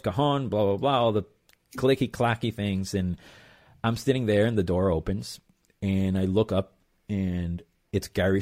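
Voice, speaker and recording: A man with a somewhat low voice recounts his own story as an interview guest. He talks loosely and casually, drifting through asides and fillers as he goes. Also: darkish tone. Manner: rambling, loose, lots of fillers and "blah blah". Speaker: percussionist guest.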